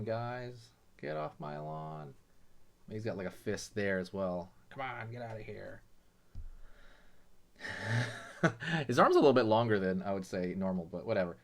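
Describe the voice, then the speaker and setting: A man with a fairly low voice walks viewers through a drawing step by step. He talks in a loose, chatty way, full of little fillers and quick asides. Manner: relaxed, chatty, many fillers like "you know" and "right". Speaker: drawing tutorial host. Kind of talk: casual drawing lesson narration.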